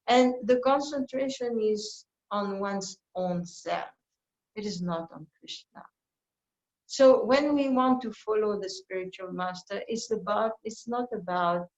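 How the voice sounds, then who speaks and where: A woman giving a reflective scripture class as a sermon, speaking earnestly and acting out little quoted exchanges to make her point. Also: mid-range voice. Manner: slow, earnest teaching with playful acted-out quotes. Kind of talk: sermon-style reflective reading. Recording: roomy, dull lo-fi recording.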